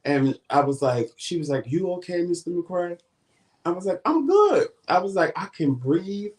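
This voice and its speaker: A man's voice: high-pitched, normal speed. Man telling a story, casual vlog. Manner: animated retelling with quoted dialogue. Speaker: vlog host.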